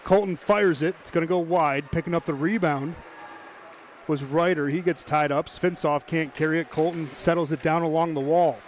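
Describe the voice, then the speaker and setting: Brisk chatty hockey play-by-play man. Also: a little high, fairly even intonation, slight background noise. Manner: brisk, chatty, joking asides with the chat. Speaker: play-by-play commentator.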